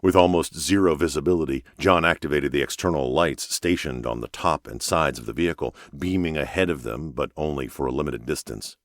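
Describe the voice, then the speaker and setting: Deep voiced guy narrating a thriller audiobook, measured, dry studio sound. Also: no room sound. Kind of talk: scripted narration.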